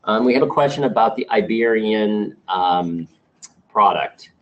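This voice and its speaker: Guy w a lowish voice doing a sales meeting rundown, upbeat, stumbles a bit, kinda muffled lo-fi audio. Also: expressive, a little slow. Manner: upbeat, talks through product specs with small restarts. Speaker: sales manager presenting new products to his team. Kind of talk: business meeting presentation.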